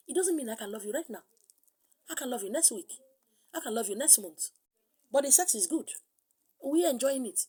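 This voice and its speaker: Husky Nigerian woman preaching animatedly. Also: a little high. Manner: animated, mixes in pidgin and acted voices. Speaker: spiritual teacher. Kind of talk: sermon.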